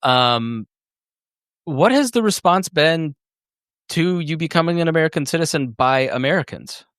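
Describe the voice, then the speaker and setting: A male podcast host asks casual, rambling questions, restarting as he goes. His voice is smooth and resonant, and the sound is dry. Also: fairly high pitch, animated, normal speed, a bit bright, no room sound. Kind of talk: conversational interview.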